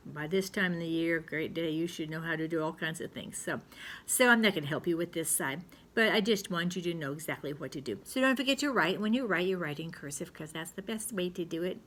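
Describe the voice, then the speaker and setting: A middle-aged woman teaching a recorded spelling lesson to second graders, chatting slowly and gently with many pauses and fillers. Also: fairly low pitch.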